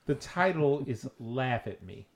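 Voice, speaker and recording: A man's voice: mid-range voice, animated, a little slow. A man co-hosting a podcast in casual chat, teasing and joking and fussy about grammar. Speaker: podcast co-host.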